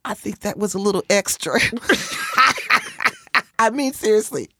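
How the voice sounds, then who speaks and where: Brief: woman co-host with a gravelly voice, punchy and teasing. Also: mid-range voice, animated, slow pace, pushed and bright, no echo. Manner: emphatic, teasing, punchy rhetorical questions. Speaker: podcast co-host. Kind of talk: casual chat.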